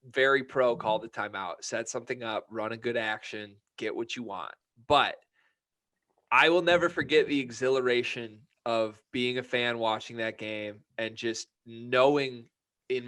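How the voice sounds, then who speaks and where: A man's voice: medium pitch, fairly bright tone. A young man co-hosting a casual sports podcast, talking in a fired-up, profane ranting manner. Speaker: podcast co-host.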